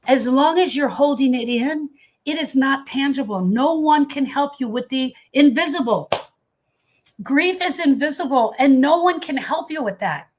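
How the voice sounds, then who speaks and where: Woman, middle-aged, grief coach, casual livestream talk, earnest and emphatic, fairly high voice. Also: normal speed. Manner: earnest, emphatic, addresses viewers by name. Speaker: grief coach hosting a live session. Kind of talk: casual livestream talk answering viewer comments.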